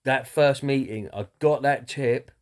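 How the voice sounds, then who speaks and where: A man's voice: medium pitch, a little slow. Candid man with a middle voice. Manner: candid, earnest, swears, many fillers. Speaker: person in recovery sharing his story. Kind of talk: personal talk to camera.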